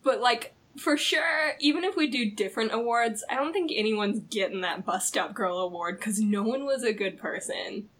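A woman's voice: fairly high pitch, moderate pace, few pauses, fairly bright tone. A woman co-hosting a podcast in casual chat, rambling and full of "like", laughing often. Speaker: podcast co-host.

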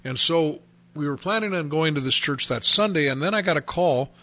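A man from North Dakota giving a personal testimony, telling his story earnestly and haltingly with many restarts. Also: fairly high pitch, animated, bright, forceful tone.

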